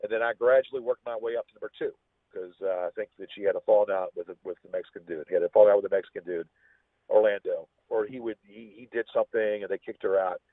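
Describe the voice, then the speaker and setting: A man with a lowish, husky voice tells a long personal story as a podcast guest, circling back and restarting his sentences. The sound is thin and phone-like, with a dry, close feel. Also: quick pace, no echo. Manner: rambling, with repeated restarts. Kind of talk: casual storytelling.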